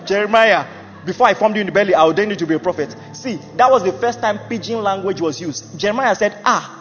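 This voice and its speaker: A Nigerian man preaches in a high-pitched, fast, fairly bright voice, emphatic and laughing at his own jokes as he acts out Bible figures. The recording is muffled, made in a hall with music playing.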